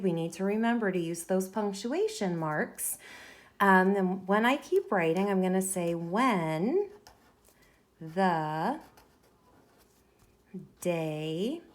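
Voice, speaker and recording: Woman teacher talking real slow and careful, sounding out words as she writes them down for little kids. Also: mid-range voice. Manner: slow, deliberate, sounding words out while writing. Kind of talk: classroom writing lesson, modeling aloud.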